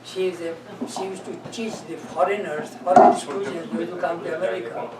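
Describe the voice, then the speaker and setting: A man's voice: high voice, fairly even intonation, a little fast, noisy background. A man, a monk, telling humorous anecdotes in a talk to an audience, often laughing. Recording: echoey room, mic far off.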